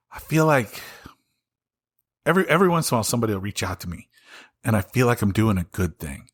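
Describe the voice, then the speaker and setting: A man with a Southern US accent hosting his own podcast, ranting angrily and profanely about politics in a solo commentary. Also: medium pitch. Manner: angry, profane, exasperated ranting. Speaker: podcast host.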